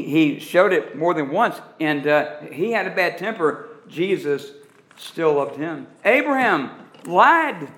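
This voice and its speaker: A man preaching a sermon who leans on dramatic pauses and draws out key words for emphasis. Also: fairly high pitch, fairly bright tone, roomy sound. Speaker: pastor.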